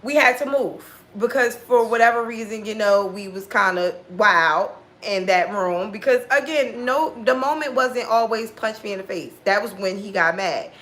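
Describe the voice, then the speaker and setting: A woman with a medium-pitched, fairly bright voice tells a personal story in a relaxed monologue at normal speed, barely pausing. She is blunt and swears heavily, acting out what people said to her.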